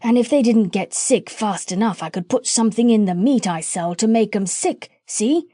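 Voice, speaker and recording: Woman voicing a scheming cat's-meat man, slangy and pushy, mellow lively read. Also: moderate pace, dry recording. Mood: wheedling. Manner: folksy slangy talk, wheedling sales pitch. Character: coarse chatty male cat's-meat seller, scheming.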